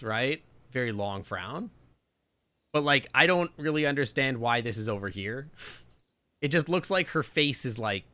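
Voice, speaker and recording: A man with a Canadian accent chatting loosely through a live game stream, rambling and thinking out loud. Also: mid-range voice.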